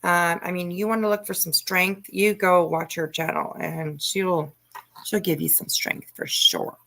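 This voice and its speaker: A woman's voice: fairly low pitch, steady tone, unhurried, fairly bright tone. A woman hosting a casual live stream, chatting and teasing as she reads out viewer comments.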